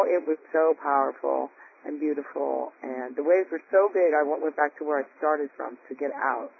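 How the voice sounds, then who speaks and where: A man's voice: a little high, steady tone, brisk, creaky, slight background noise. Gushing man on a tinny phone line. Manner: enthusiastic, gushing and emphatic. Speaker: group call participant. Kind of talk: check-in on a group call.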